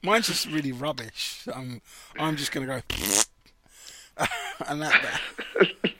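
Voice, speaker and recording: A man's voice: on the high side, slow, pushed and bright, no echo. A man hosting a podcast, chatting casually during a quiz, laughing often and mocking himself. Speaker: podcast host.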